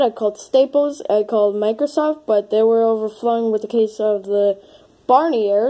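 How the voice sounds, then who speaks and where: High-pitched, excitable woman vlogging. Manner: excitable, exclaiming, panicky outbursts. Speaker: video creator. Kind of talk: casual comedic vlog.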